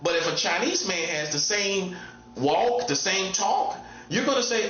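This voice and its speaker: A man's voice: sits high, animated, normal speed, fairly bright tone, roomy sound, a little hiss or hum. Man, self-styled prophet, repetitive rhetorical monologue; dull lo-fi recording. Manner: repetitive, drives points home with rhetorical questions. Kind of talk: casual preaching monologue.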